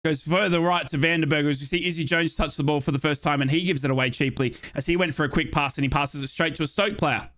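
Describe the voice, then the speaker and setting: A young man with an Australian accent calls a football match live for his fans. His voice sits a little high and sounds bright and forceful. He talks in a chatty, excitable way, with playful asides. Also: fast, few pauses. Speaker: fan commentator on a match watchalong. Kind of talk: live play-by-play football commentary.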